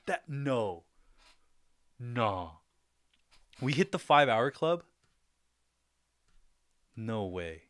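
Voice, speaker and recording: A man's voice: mid-range voice, sing-song, very slow, pauses often, fairly bright tone, no room sound, studio quality. A man hosting a casual livestream, talking easily with viewers, laughing often and speaking loosely with fillers and restarts. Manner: laughs often, easygoing and upbeat. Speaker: livestream host.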